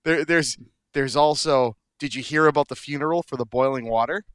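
A man's voice: mid-range voice, fairly quick, a bit bright, smooth. A middle-aged man co-hosting a podcast in casual chat, cracking dad jokes and laughing at them. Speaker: podcast co-host.

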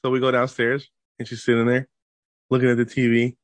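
A man in his thirties, a podcast co-host, telling animated stories about his kids in casual chat. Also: mid-range voice, a little fast, no room sound. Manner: animated storyteller acting out his kids' voices.

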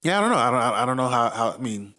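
A man's voice: medium pitch, very animated, fast, sharp tone. A man talking in a casual podcast chat, rambling and profane, often laughing mid-sentence.

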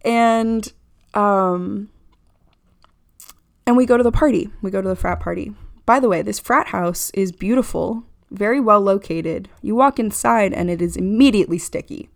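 A woman's voice: medium pitch, moderate pace, creaky. A young woman hosting a podcast, telling a candid story in a chatty, casual way and acting out what others said. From Florida. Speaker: podcast host.

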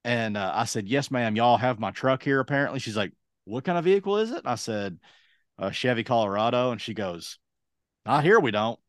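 A man's voice: medium pitch, normal speed, dry recording. Man telling a story in a dry, close voice. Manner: lively anecdote-telling, acting out other people's lines. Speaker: podcast co-host. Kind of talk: casual storytelling.

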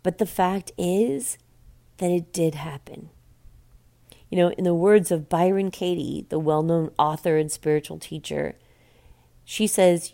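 A woman hosting a podcast, talking calmly in a coaching, reflective monologue. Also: on the low side, a little slow, vocal fry. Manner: calm, coaching, speaks in quoted self-talk. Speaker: podcast host.

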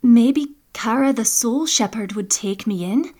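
Soft pleading young girl, a woman reading her, storybook, unhurried. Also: on the high side, lively intonation. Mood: hesitant. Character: sensitive young girl, timid and hopeful.

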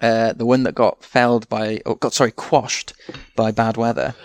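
A Welsh man co-hosts a podcast in loose, sweary chat, rambling through his stories. His voice sits at an ordinary middle pitch. The sound is dry and close to the mic. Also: level tone, moderate pace, clear, resonant tone, dry recording. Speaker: podcast co-host. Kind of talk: casual tipsy chat.

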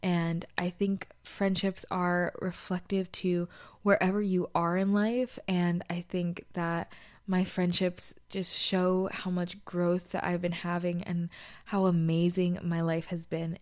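A woman's voice: mid-range voice, steady tone, a little slow, a little mellow. A young woman hosting a casual solo podcast from a small bedroom, chatty and confessional, with lots of "like" fillers. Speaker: podcast host.

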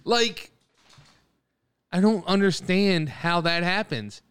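A man's voice: sits high, animated, slow pace, a bit bright, clean tone. A man co-hosting a podcast in casual chat, swearing freely and restarting his sentences as he argues a point. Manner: casual, profane, loose restarts while arguing a point. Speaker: podcast co-host.

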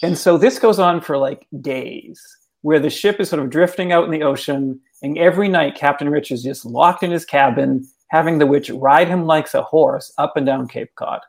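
A man, an author and guest, telling a folk tale in casual conversation, animated and full of "like.". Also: on the high side, normal speed, vocal fry. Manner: animated, casual, many fillers like "like". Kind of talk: storytelling in conversation.

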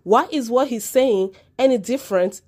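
A woman's voice: fairly high pitch, moderate pace, mellow. A woman from Africa hosting a solo commentary podcast, talking with passion and repeating words for emphasis. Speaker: podcast host.

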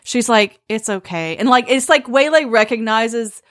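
A woman in casual chat about a book, enthusiastic and laughing often, quoting characters in a lower voice. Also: lively intonation, moderate pace, a bit bright. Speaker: book discussion co-host.

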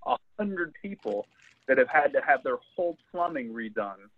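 A man's voice: mid-range voice, expressive, normal speed, breathy edge, no echo. A man in casual sports talk, rambling through stories with many repeated words and fillers. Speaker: co-host. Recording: tinny phone-like line.

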